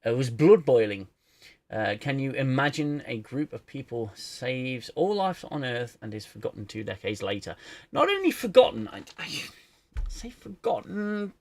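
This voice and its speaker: A man's voice: mid-range voice, expressive, moderate pace, darkish tone. A man hosting a casual livestream chat about shows, rambling with laughs and restarts. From United Kingdom. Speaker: show reviewer and host.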